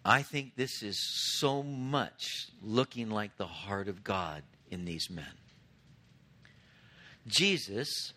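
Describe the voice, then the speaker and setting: A man's voice: on the low side, bright, forceful tone. A man in his fifties preaching a sermon, retelling scripture in an earnest, conversational way. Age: 50s. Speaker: pastor.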